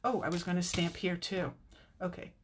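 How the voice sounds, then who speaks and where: A woman's voice: lowish voice, fairly even intonation, moderate pace, a little hiss or hum. A middle-aged woman chatting with viewers while demonstrating card making on a live stream, with muttered asides to herself.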